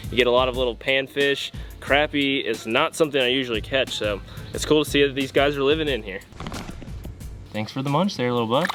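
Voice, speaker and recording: A young man hosting an outdoor fishing vlog by a small creek, excitable and quick to laugh, calling out catches as they happen. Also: medium pitch. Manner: excitable, laughs often, says dude. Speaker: fishing channel host.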